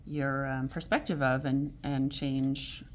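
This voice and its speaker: A woman giving a casual weekly tarot reading, rambling and correcting herself as she goes, gentle and encouraging, with frequent small laughs. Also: very deep voice, flat delivery, slow pace, slight background noise. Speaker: tarot reader.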